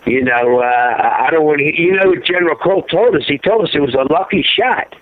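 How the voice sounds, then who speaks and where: A man's voice: fairly high pitch, lively intonation, brisk, no echo. Middle-aged man on a tinny phone line. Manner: rambling, repetitive, fills with "you know" and "uh". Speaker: guest, father of a fallen serviceman. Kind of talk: emotional phone interview.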